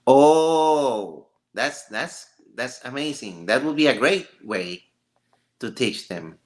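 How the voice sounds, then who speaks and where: A man's voice: medium pitch, lively intonation, slow pace. A man hosting a casual live stream, joking and ranting with frequent laughter. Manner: laughs often, jokey and rambling.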